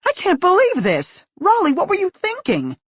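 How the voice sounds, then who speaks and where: A man voicing an angry suburban mother who interrogates her teenage son, sharp and sarcastic. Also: high voice, sing-song, a little slow, no room sound, pitched above the performer's own voice, exaggerated voice. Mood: furious.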